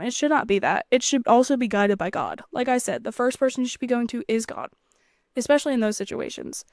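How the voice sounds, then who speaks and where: Young woman host, chatty and earnest, fairly high voice, dry close sound. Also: fast, darkish tone, dry recording. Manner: chatty and earnest, frequent fillers, playful asides. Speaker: podcast host. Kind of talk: faith talk monologue.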